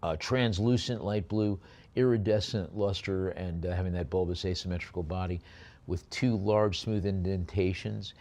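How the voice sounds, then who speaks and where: A man running a live auction, rattling off bids quickly and breaking into chatty, filler-heavy descriptions of each lot. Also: lowish voice, expressive, a little mellow. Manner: rapid bid calling mixed with chatty asides and many fillers.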